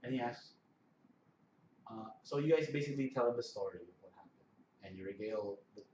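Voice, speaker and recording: A man's voice: on the low side, a little fast, dark tone, highs cut off. Man narrating a tabletop game, distant. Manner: rambling, laughing, with restarts. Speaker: game master. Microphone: camera mic. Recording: roomy, distant camera mic with faint noise.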